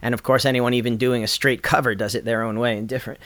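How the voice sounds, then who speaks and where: Animated man telling stories, dry sound. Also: medium pitch, fast, no room sound. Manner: animated storyteller, acts out quotes. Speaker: guest musician. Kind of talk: casual interview chat.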